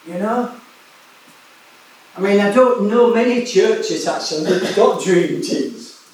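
A man's voice: sits high, lively intonation, a little slow, slight background noise. A man preaching a sermon in a chatty way, often asking his listeners questions. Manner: chatty, asks the audience questions. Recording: echoey room from far off.

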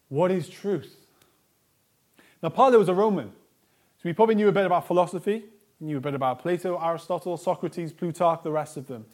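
Earnest preaching man, slightly high voice. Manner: earnest, with emphatic repeated lists; swings between a soft, low voice and loud stresses. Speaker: pastor. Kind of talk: sermon.

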